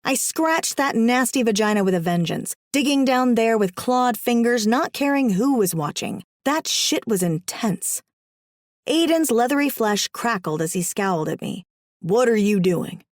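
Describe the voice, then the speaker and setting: A woman narrating a first-person audiobook in a wry, comic, expressive way. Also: a little high, normal speed, dry recording, studio quality.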